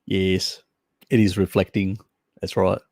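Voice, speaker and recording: Slow-talking man chatting with viewers. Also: sits low, level tone, darkish tone, dry recording. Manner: chatty, laughs often, addresses viewers as mate. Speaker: live stream host. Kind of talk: casual live-stream chat reading comments.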